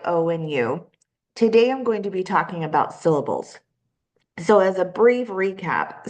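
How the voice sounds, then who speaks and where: A woman teaching a phonics lesson, stretching out vowel sounds and saying each example word with care. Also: fairly low pitch. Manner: slow, deliberate, drawn-out vowel sounds.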